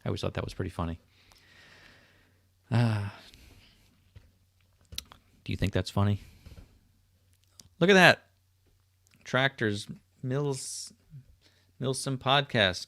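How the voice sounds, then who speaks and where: Casting: middle-aged man, livestream host, low gravelly voice, dry close sound, relaxed and chatty. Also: slow pace, long pauses, dry recording. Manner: chatty, reads out viewer comments. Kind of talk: casual livestream chat. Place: home, indoors. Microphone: webcam setup.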